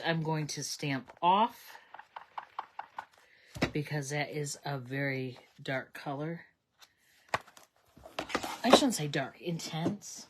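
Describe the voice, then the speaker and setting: Low, unhurried woman crafting live. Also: noisy background. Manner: chatty, talks herself through each step. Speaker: crafting livestream host. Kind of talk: live card-making demonstration.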